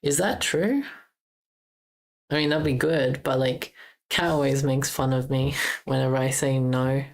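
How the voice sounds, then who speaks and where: A woman's voice: rumbling low, steady tone, a little slow, pauses often, rough recording. A young Australian woman with an Australian accent, chatting casually on a livestream while she codes, thinking aloud and correcting herself. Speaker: game jam streamer.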